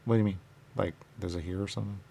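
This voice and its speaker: A man's voice: low-pitched, fairly even intonation, very fast, gravelly, mellow, a little hiss or hum. A man rambling in circles, asking himself questions and answering them, repeating words and dropping into sudden whispers. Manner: circular, repetitive musing with sudden whispers.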